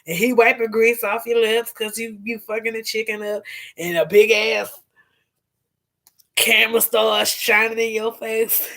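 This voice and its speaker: A woman hosting a casual gossip vlog, animated and profane, laughing and talking straight to her viewers. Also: fairly high pitch, a little slow, vocal fry. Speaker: vlog host.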